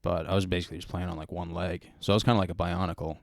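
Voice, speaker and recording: A man's voice: low-pitched, level tone, rapid-fire, dry recording, clean studio sound. A young man, hosting a podcast and rambling through a story in loose, casual chat. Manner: rambling storytelling with many likes and mans. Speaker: podcast host.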